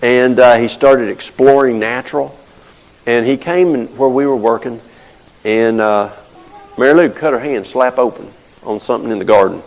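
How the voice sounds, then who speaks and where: Older man with a gravelly edge and a mid-range voice, folksy storyteller explaining remedies in plain talk. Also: medium pitch, moderate pace, rough recording. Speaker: health talk presenter. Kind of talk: folksy teaching talk with anecdotes.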